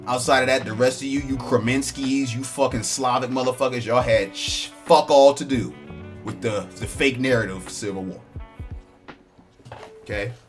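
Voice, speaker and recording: A man rants in blunt, mocking political commentary, swearing freely. His voice sits in an ordinary middle pitch. Faint music runs behind him. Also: fairly even intonation, moderate pace. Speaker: online commentator.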